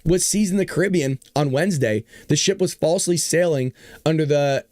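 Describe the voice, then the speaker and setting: Dude with a worn out hoarse voice, riffing on the news, kinda high, dead dry sound. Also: male voice, brisk, dry recording. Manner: animated, joking, talks to the audience. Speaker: show host. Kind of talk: casual political commentary.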